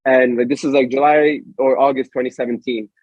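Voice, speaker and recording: A young American man hosting a casual podcast, slangy and animated, calling his guest "bro" all the time. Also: mid-range voice, brisk, no room sound. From Allentown, Pennsylvania, USA. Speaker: podcast host. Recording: slightly dull, dry lo-fi recording.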